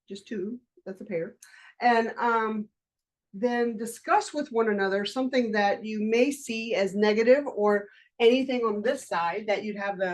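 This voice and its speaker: Candid woman coaching a workshop. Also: on the high side. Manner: candid and conversational, with casual swearing. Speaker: life coach leading a workshop. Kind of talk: live workshop lecture with personal storytelling.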